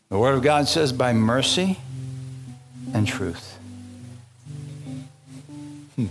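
A man's voice: mid-range voice, expressive, slow, long pauses, over music. An older man preaching a fervent, folksy sermon in a church, calling the congregation for amens and hallelujahs.

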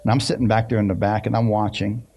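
A middle-aged pastor preaching a sermon in a conversational, storytelling way, often asking the congregation questions. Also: male voice, lowish voice, little pitch movement, fast, a little mellow, breathy edge, dull audio. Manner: conversational, asks the congregation questions, many restarts. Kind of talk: sermon with personal stories.

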